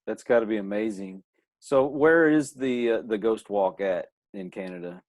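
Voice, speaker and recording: Slow, halting male podcast host. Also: fairly low pitch, no echo. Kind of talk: casual interview talk.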